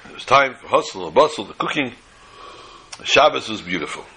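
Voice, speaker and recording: A man telling a folk story in an animated way, slipping in Yiddish phrases. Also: medium pitch, a little fast, husky, poor audio.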